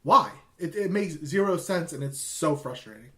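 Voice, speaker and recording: A man's voice: a little high, expressive, normal speed, pushed and bright. A man co-hosting a podcast, talking casually in a frustrated, questioning way. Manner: frustrated, questioning, stumbling restarts. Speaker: podcast co-host.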